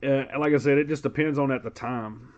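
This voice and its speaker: A man's voice: mid-range voice, fairly even intonation, a little fast, dull audio. A man hosting a live sports card break, calling out player names in a casual, chatty way.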